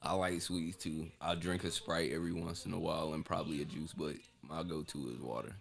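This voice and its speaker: A young man co-hosting a podcast, relaxed and teasing in casual chat. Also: very deep voice, a little fast, vocal fry. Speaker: podcast co-host.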